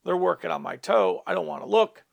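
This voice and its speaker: A man's voice: high-pitched, very animated, brisk, vocal fry. A middle-aged man, a pastor, telling a personal testimony in a teaching talk, earnest, with asides to his listeners.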